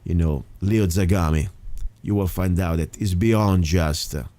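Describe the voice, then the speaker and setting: Emphatic talk radio host, lowish voice. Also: male voice, measured pace, mellow, no echo. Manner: emphatic, rambling with restarts. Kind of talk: casual talk radio monologue.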